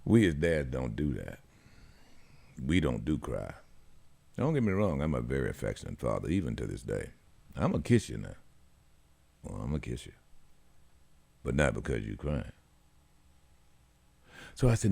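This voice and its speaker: A man hosting a radio talk show, telling stories in a lively way and acting out the people in them. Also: mid-range voice, moderate pace, gravelly, pauses often. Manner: animated storytelling, acts out the people in his stories. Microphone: studio mic.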